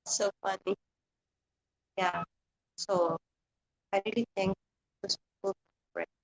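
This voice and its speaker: A woman with a Filipino accent talks casually in a vlog about her work as a teacher. She slips back and forth between English and Tagalog and sounds out words to show how they are pronounced. Her voice sits at a middle pitch for a woman. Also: fairly even intonation, takes it slowly, creaky, rough recording. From Philippines. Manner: mixes English and Tagalog, acts out pronunciations.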